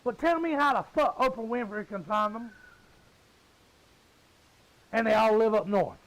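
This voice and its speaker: A man's voice: high voice, animated, unhurried, fairly bright tone, poor audio. A man in his fifties with a Southern US accent, ranting bluntly and swearing a lot while he plays a game. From Southern United States. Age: 50s. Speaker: gamer. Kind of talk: profane casual rant while gaming.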